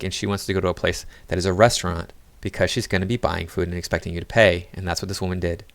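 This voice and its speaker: A man's voice: sits low, fairly even intonation, fast, hardly any pauses, a bit bright, dry recording. A man giving sarcastic, mocking commentary on video clips. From United States. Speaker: reaction commentator. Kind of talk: critical commentary over clips.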